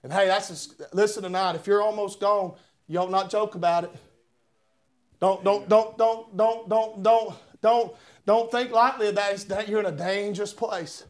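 A man preaches to his church congregation. His voice sits high, and he grows fervent and loud, stammering through repeated words as he presses each point. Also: fairly even intonation, moderate pace. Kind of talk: sermon. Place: church sanctuary.

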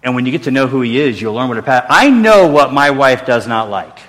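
A middle-aged pastor preaches a sermon in a church sanctuary, his medium-pitched voice expressive, a little fast, and a bit bright. He sounds earnest and conversational, restarting thoughts and making self-deprecating asides, all wrapped in the long reverb of a big hall.

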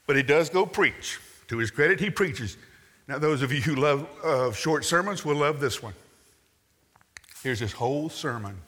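A man's voice: a little high, expressive, normal speed, a bit bright. A man preaching a sermon, telling the story with wry asides and acting out the quotes. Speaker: pastor. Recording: long reverb in a large hall.

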